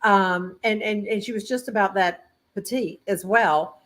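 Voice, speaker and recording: A woman's voice: mid-range voice, unhurried, fairly bright tone. A woman with a Southern US accent, hosting a casual chat and chiming in with her guest. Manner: chatty, laughs along. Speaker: host.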